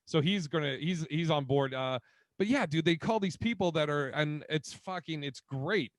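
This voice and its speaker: A man's voice: fairly high pitch, moderate pace, no room sound. A man hosting a casual podcast chat, telling stories animatedly, swearing freely and acting out what people said. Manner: animated storyteller, swears a lot, acts out quotes. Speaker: podcast host.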